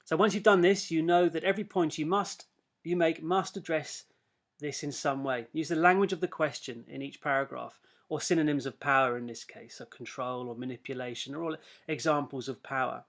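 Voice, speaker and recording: A man's voice: on the high side, a little fast, a bit bright. A man teaching a recorded literature lesson, chatty, with self-deprecating asides and frequent fillers and restarts.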